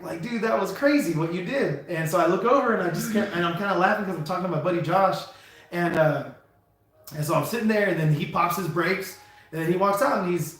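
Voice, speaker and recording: Man telling a story in a very echoey room. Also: high voice. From California. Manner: rambling, animated anecdote with many restarts and chuckles. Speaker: truck driver and live stream host. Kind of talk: casual storytelling on a live stream.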